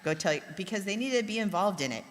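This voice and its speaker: A middle-aged woman, a pastor's wife, telling candid family stories to a congregation in a chatty, animated way. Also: medium pitch, fast talker. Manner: chatty, animated, acts out her own reactions. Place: church sanctuary. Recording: long hall reverb.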